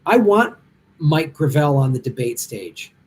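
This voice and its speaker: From a hotel room, a middle-aged comedian hosts a live Q&A stream, reading out viewer comments and responding with passion and bluntness. His fairly high voice swings widely in pitch at a measured pace as he rambles.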